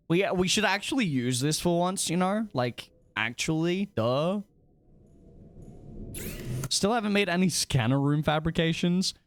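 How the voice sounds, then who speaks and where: A young man streaming a game live, chatting to his viewers in a rambling, excitable, self-mocking way. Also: on the high side. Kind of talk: casual gaming livestream chat.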